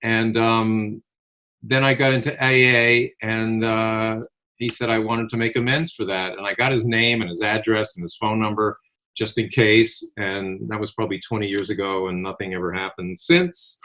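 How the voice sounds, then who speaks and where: An older man from Connecticut telling lively anecdotes in a casual chat and acting out the voices of the people in his stories. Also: lowish voice, normal speed. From Connecticut, USA. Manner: animated anecdotal storyteller, acts out quoted voices. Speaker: podcast co-host. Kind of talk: casual reminiscing storytelling.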